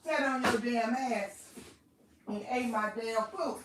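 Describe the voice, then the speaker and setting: A high-pitched woman rants in a home vlog, swearing and circling back over the same grievance. Her voice sits a step back from the phone mic. The room rings with echo under a faint hiss. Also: slow pace, far from the mic. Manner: profane, repetitive ranting in Southern African American vernacular. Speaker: vlogger. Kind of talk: angry venting monologue. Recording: echoey room, voice somewhat off-mic, faint noise.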